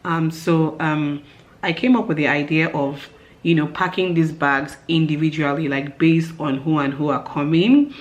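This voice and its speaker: Low-voiced woman vlogger in her thirties. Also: fairly even intonation, moderate pace. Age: 30s. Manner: chatty and upbeat, frequent um fillers. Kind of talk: casual vlog chat to camera.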